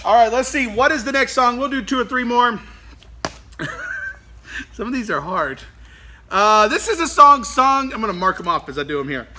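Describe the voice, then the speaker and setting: A man leading a kids' worship lesson with an animated, playful delivery. His voice sits fairly high and bounces through a wide range. The tone is bright and forceful. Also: a little fast, a little hiss or hum. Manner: animated, playful, keeps breaking into laughter. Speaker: children's worship leader. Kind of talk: lively children's lesson.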